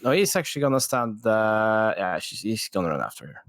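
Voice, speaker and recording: A player with a mid-range voice argues the rules quickly and with insistence. The sound is dry and close. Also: mid-range voice, very animated, no room sound. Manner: quick, argumentative. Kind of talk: casual game chat.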